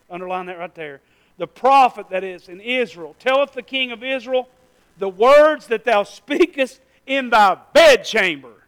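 A preacher delivering a fervent, conversational sermon, breaking into exclamations and calling for responses from the congregation. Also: male voice, very high-pitched, expressive, moderate pace, a bit bright, smooth. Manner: asks the crowd for responses often.

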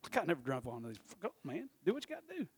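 A middle-aged male pastor, preaching a sermon with lively storytelling that swings from loud to hushed. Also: on the high side, rapid-fire, husky.

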